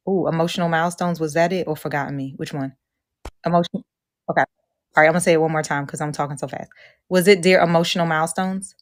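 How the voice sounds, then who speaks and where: Woman coach, live talk, slightly low voice, chatty and encouraging, shifts into rhythmic poetry reading. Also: dry recording, studio quality. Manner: chatty and encouraging, asks the audience questions; rhythmic spoken-word reading. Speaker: host and coach.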